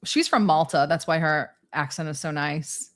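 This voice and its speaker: A woman's voice: low-pitched, moderate pace, fairly bright tone. A woman hosting a casual political talk show, reading news aloud in a loose way with hesitant fillers. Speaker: show host.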